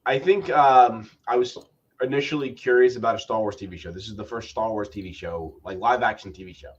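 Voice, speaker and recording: A man with a stuffy nose from allergies co-hosting a review podcast, talking in a halting way with many restarts. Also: on the low side, muffled recording. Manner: halting, many repeated starts. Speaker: podcast co-host. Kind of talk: casual review chat.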